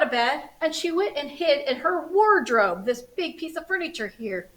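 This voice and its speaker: A librarian reads a storybook to children at storytime, expressive and animated. She drops in playful asides and questions. Her voice sits a little high. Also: normal speed, few pauses, low-quality recording. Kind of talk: storytime reading aloud.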